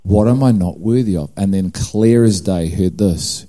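A middle-aged man with a New Zealand accent preaches through a personal testimony. His voice sits low and sounds warm and mellow. He tells the story with humor at his own expense and acts out each exchange of dialogue. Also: measured pace.

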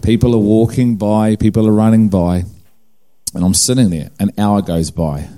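Low, mellow New Zealand man preaching. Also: fairly even intonation, normal speed, slight background noise. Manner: storytelling, acts out dialogue, self-mocking humor. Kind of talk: personal testimony sermon.

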